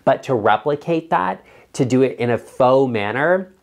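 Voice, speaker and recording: A man's voice: mid-range voice, expressive, normal speed, vocal fry. A man vlogging about home design, speaking bluntly and emphatically straight to the viewer. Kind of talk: opinionated talk to camera.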